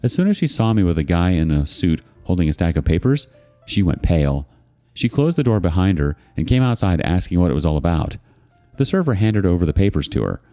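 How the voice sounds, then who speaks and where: A man narrating a reader's story as scripted narration, expressive and sarcastic in his asides. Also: low voice, brisk, faint music behind.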